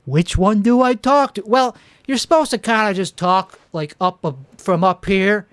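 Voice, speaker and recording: A man's voice: sits high, moderate pace, smooth, no room sound, clean studio sound, natural voice. A man playing a self-important, clueless would-be politician who hosts a comic monologue, rambling and boastful and stumbling over his restarts. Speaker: comedy show host. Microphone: two microphones.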